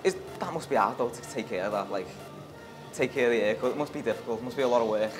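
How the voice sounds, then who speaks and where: A man's voice: medium pitch, very fast, music in the background. A man interviewing a fighter casually, friendly, laughing along and asking short prompting questions. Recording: noisy background.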